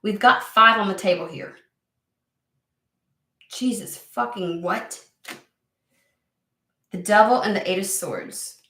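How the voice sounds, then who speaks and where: A woman's voice: medium pitch, takes it slowly, pauses often, bright, forceful tone, reverberant, a little hiss or hum. A woman giving a casual tarot reading, talking bluntly and swearing a lot in an exasperated rant. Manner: blunt, profane, exasperated ranting. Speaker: tarot reader.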